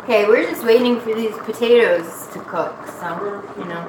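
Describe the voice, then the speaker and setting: A woman's voice: mid-range voice, moderate pace, echoey room, background noise. A woman from Nova Scotia with a Nova Scotian accent, chatting folksily to her livestream while she cooks in her home kitchen. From Nova Scotia, Canada. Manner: folksy, drawling, chatty and self-amused. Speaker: vlogger cooking on a livestream. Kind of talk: casual livestream chat while cooking. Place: home kitchen with a pot boiling.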